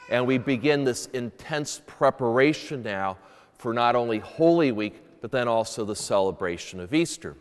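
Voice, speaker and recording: Priest in an echoey church. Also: male voice, medium pitch. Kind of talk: gospel reading and homily. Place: church at Sunday mass. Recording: echoey church with long reverb.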